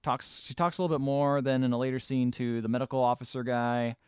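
A man's voice: medium pitch, level tone, fast talker, clean tone, no echo, studio quality. A man hosting a podcast, casually retelling a film scene by scene with loose, swearing chatter. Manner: rambling, casual swearing, acts out quotes loosely. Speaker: podcast host. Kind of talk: casual film recap chat.

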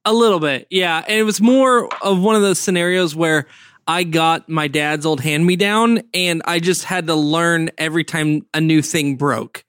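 A man co-hosting a casual podcast, telling relaxed stories and mimicking other people's lines. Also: on the high side, moderate pace, smooth, no room sound, studio quality. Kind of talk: casual chat.

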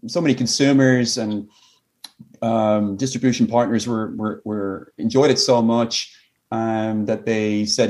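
An Irish man, a whiskey company founder, chatting as a guest in a halting, self-deprecating way. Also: fairly low pitch, steady tone, a little mellow. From Ireland. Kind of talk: casual chat.

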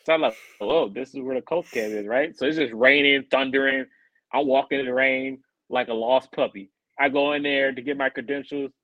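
Guy on a podcast telling a long story, lively, does higher voices for people he quotes, dry close mic. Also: brisk, no echo, lo-fi sound. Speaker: podcast co-host.

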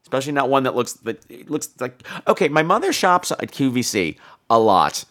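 Lively, rambling woman caller. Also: fairly quick. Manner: animated, jumps into high-pitched impressions. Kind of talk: rambling voicemail storytelling.

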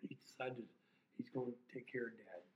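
A man's voice: mid-range voice, normal speed. Blunt, profane man in his fifties. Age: 50s. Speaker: podcast guest. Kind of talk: candid personal conversation. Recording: tinny phone-like sound in an echoey room.

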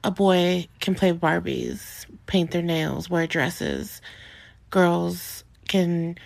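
A woman giving her opinion in a casual chat, in a slow, drawn-out way. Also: lowish voice, creaky.

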